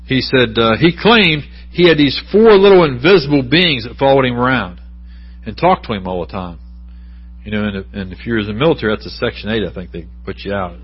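Middle-aged male preacher, husky, conversational sermon delivery, muffled church recording. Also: medium pitch, lively intonation, brisk. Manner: conversational preaching with asides and questions to the congregation. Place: church sanctuary.

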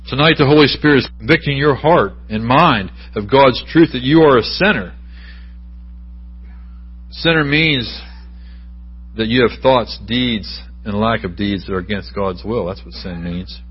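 Husky man preaching a conversational sermon. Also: mid-range voice, measured pace. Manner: conversational preaching with asides and questions to the congregation. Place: church sanctuary. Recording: dull lo-fi church recording.

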